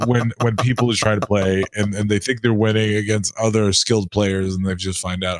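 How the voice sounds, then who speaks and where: A man co-hosting a casual podcast, making deadpan joke asides and losing his train of thought. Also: fairly low pitch, brisk, no room sound. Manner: joking, deadpan asides, loses his thread. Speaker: podcast co-host.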